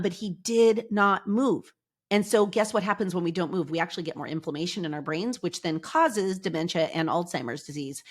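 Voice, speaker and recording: A bubbly middle-aged woman hosts a motivational podcast with a chatty, animated delivery. Her voice sits at a middle pitch and comes through a close podcast mic. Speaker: podcast host. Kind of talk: upbeat motivational podcast talk.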